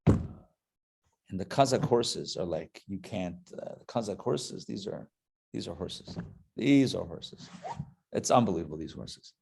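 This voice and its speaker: A man voicing a homesick Kazakh prisoner in a told story, at first low and hushed, then swelling into an emphatic, rising account. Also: lively intonation, a little slow, creaky, pauses often, breathy edge, exaggerated voice. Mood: wistful. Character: grieving male Kazakh prisoner praising horses.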